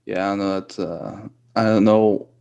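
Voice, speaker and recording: A young man co-hosting a comedy podcast, talking in a hesitant, skeptical, low-key way. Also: fairly even intonation, normal speed, vocal fry, darkish tone, clear, resonant tone, muffled recording. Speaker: podcast co-host. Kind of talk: casual comedic chat.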